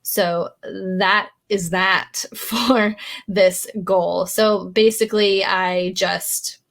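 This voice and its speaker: A woman's voice: mid-range voice, steady tone, drawn-out words, vocal fry, fairly bright tone. A woman author talking in a casual vlog, candid and reflective about her own work. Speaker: author and vlogger.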